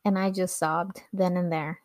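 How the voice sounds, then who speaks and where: A woman's voice: on the low side, level tone, normal speed, a little mellow, no echo, clean studio sound. A woman telling her own story in an earnest, reflective scripted narration.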